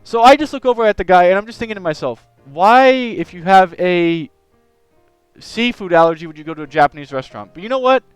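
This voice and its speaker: A young man chatting on a live stream, telling an animated, rambling story. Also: high voice, a little fast, clean tone, no echo, soft background music, poor audio. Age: young adult. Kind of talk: casual live-stream chat.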